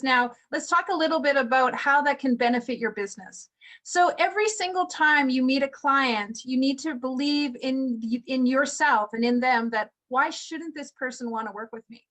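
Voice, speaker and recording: Woman, high voice, motivational coach, enthusiastic, video call. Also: a bit bright. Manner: enthusiastic, encouraging, rhetorical questions.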